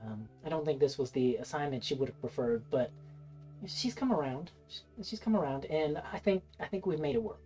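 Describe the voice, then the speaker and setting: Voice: medium pitch, brisk, dark tone, faint music behind, lightly acted. A game master voicing a friendly town councillor in a tabletop game, rambling and restarting sentences in a voice raised above their own. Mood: chatty. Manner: rambling, hesitant, lots of restarts.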